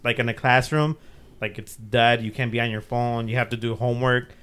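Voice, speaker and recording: A man's voice: medium pitch, fairly even intonation, brisk, fairly bright tone, smooth. A young man on a podcast, casually telling a story, swearing freely, laughing often and acting out what people said. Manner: loose, profane, laughs often, acts out quotes. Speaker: podcast co-host.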